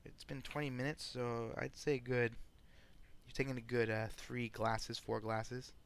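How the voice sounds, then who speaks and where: A man narrating as game master in an online tabletop game, talking in halting bits with many restarts. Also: mid-range voice, little pitch movement, creaky, smooth.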